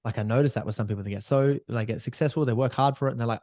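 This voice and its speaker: A man hosting a podcast, chatting in a relaxed way and laughing easily. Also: medium pitch, very fast, few pauses, no echo, studio quality. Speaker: podcast host. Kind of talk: casual podcast chat.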